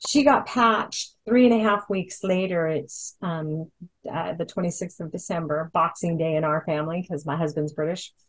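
Speaking at a normal pace in a lowish voice, this female product presenter tells stories in a relaxed Hawaii chat, stumbling through plenty of ums and restarts. The audio is poor.

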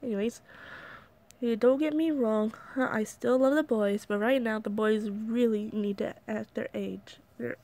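A woman casually reading her fan story aloud, slightly hoarse, chatting in asides with many fillers and restarts. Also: a little high, steady tone, measured pace, dark tone. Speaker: fan fiction reader.

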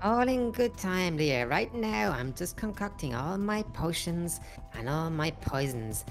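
A woman's voice: very animated, measured pace, faint music behind. A woman voicing a sly, scheming male ink demon in a Minecraft role-play, coaxing and sinister. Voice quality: gravelly low voice.

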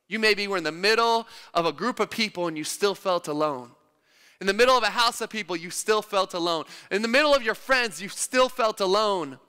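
A man's voice: sits high, bright, forceful tone, clear, resonant tone. A man preaching a sermon in a church, emphatic and repeating his phrases for stress. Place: church hall. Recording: long church-hall reverb.

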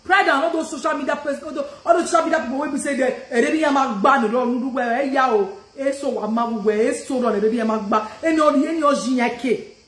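A woman with a high voice speaks at a quick pace, the audio sounding roomy. With a Nigerian accent, she rants heatedly and confrontationally on a live stream, asking her questions again and again and switching languages mid-sentence.

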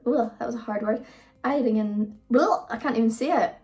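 Chatty British woman, slightly higher voice. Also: quick pace, a little mellow. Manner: chatty, rambling, frequent ums. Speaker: vlogger. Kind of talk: casual haul video chat. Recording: voice a bit far from the mic, faint music.

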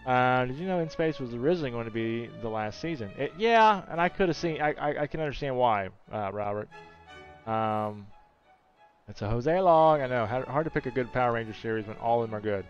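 Here a medium-pitched, expressive man hosts a relaxed gaming livestream, speaking a little fast. He chats away, reads out viewer comments, and answers his regulars warmly by name, while soft music plays and the audio sounds dull.

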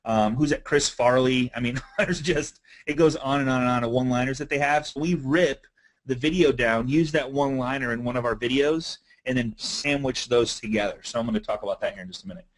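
A man talks through a marketing webinar for a live audience. He is loose, chatty and energetic. His voice sits at a middle pitch. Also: fairly quick, low-quality recording. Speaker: webinar presenter. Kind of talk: casual instructional webinar talk.

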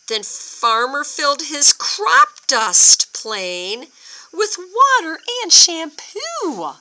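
A woman reads a picture book aloud to young children and stops to ask them questions. Her delivery is unhurried, with pitch that swoops up and down. Her tone is very bright. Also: rough recording. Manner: expressive, asks children questions. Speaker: storyteller for children.

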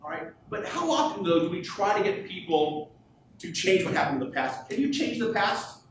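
A man giving a live business keynote to an audience, energetic and peppering the crowd with questions. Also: sits high, moderate pace. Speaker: professional speaker. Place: event hall with audience. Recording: echoey hall, voice from far off, faint hum.

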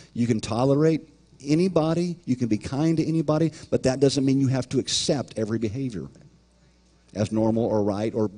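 A man's voice: mid-range voice, warm tone. A man preaching a sermon as pastor, emphatic, often repeating words and acting out imagined voices.

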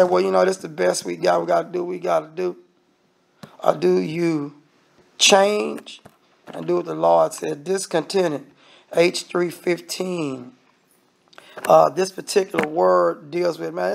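Gravelly guy preaching a sermon, emphatic and chatty, keeps repeating stuff. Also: high voice. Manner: emphatic, conversational preaching with repeated phrases and asides.

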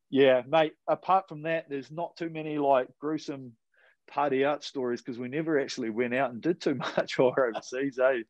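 Here a podcast guest, a Kiwi man who used to row, relaxes into slangy sports anecdotes laced with casual profanity. The voice is a little high, and the sound is both dry and muffled.

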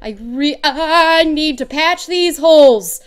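A woman's voice: sits high, slow. A young woman playing a horror game on her channel, panicking, shrieking and laughing nervously as she talks. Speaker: let's play gamer.

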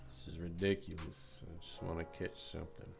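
A male streamer talks casually to his viewers in a very low voice. His throat has gone dry and slightly raspy, and he keeps an easy, chatty manner. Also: level tone, a little fast, over music. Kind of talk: casual chat on a live stream.

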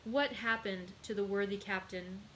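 A woman's voice: mid-range voice, steady tone, normal speed, a bit bright, slight background noise, close to an everyday voice, poor audio. A woman reading as an anxious ship owner. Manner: plain read-aloud voice for a character. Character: anxious middle-aged male ship owner.

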